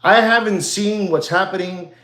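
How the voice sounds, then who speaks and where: A man delivering a rambling monologue about the market as a show host. He has a somewhat high voice, talks excitably and repeats himself, and he often turns to address his audience directly. The sound carries a noticeable room echo. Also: normal speed. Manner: excitable, repetitive, addresses "ladies and gentlemen".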